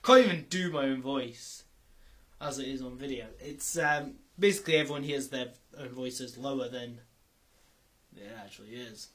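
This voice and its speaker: A man's voice: mid-range voice, normal speed, fairly bright tone. A young man rambling through a casual vlog, often stopping to correct himself and swearing now and then. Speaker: YouTuber.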